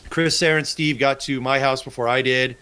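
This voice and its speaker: A man's voice: medium pitch, fairly even intonation, brisk, bright, forceful tone, clean tone. A man hosting a casual fishing podcast, telling rambling, profane stories about his trips. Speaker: podcast host.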